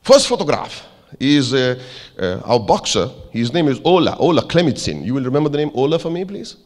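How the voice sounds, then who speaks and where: A man voicing a loud, pushy Norwegian boxing manager with a put-on Norwegian accent and broken English. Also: mid-range voice, sing-song, fairly quick, close to an everyday voice. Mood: excited.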